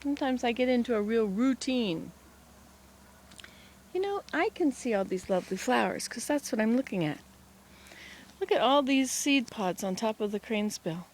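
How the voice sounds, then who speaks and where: A woman's voice: on the high side, animated, moderate pace, long pauses. A woman vlogging casually from home and garden, chatting in a meandering way to the camera and to herself. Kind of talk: casual rambling vlog.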